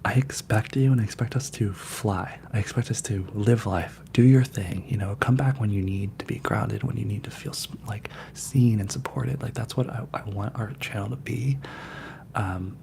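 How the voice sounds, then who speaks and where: Whispering gravelly-voiced man, ASMR chat. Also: fairly low pitch, slight background noise. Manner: soft, mostly whispered, rambling with many fillers. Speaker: ASMR channel host.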